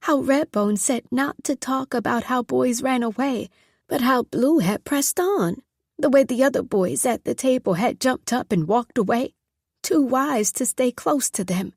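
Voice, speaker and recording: A woman reading a novel aloud in steady, measured narration. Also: on the high side, breathy edge, no room sound, studio quality. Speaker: audiobook narrator. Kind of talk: scripted narration.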